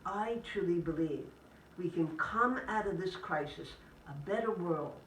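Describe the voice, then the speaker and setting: Woman, religious sister, inspirational talk, gentle measured phrasing, distant mic, echoey room. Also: on the low side, lively intonation, a little hiss or hum. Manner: gentle, measured delivery in short list-like phrases. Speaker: Catholic sister giving a spiritual talk. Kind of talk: inspirational talk to a live audience.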